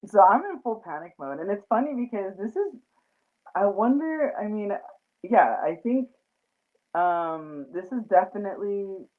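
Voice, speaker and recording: A woman's voice: mid-range voice, lively intonation, unhurried. A woman hosting a casual chat, talking in a rambling way with many fillers and frequent laughs. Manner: chatty, lots of fillers and laughter. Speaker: host. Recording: tinny phone-like line.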